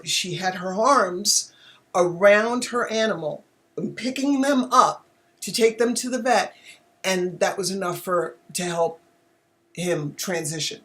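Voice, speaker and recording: A woman hosting a live online talk show on animal communication, speaking casually and emotionally, often exclaiming and laughing. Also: mid-range voice.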